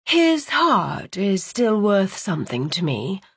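A woman reading as a menacing villainess in a storybook, her voice sickly sweet and light, drawn out slowly as she taunts. The tone is breathy and close, with no room around it. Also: medium pitch, huge pitch swings, fairly bright tone, dry recording, full character voice. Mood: sweet taunting. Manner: slow, sugary, taunting.

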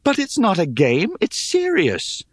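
A man's voice: high-pitched, wildly swooping pitch, a little slow, no room sound, studio quality, pitched above the performer's own voice, exaggerated voice. A man voicing an earnest young hero who speaks urgently and insistently.

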